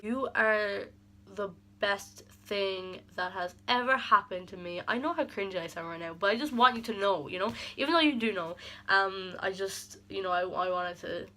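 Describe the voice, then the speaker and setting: A young woman with a bright, clear voice talking straight to camera in a long, rambling birthday message to her best friend. She tumbles through fillers and stories, tender and openly emotional. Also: fairly low pitch, moderate pace. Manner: rambling and affectionate, heavy use of "like"; emotional, near tears at times. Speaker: vlogger. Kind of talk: heartfelt personal birthday message.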